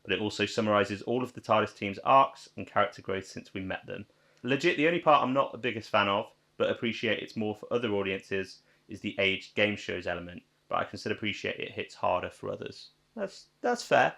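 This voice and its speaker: Animated, playful podcast co-host. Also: brisk, creaky. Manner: expressive, playful, wide swings in pitch. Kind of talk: casual podcast chat.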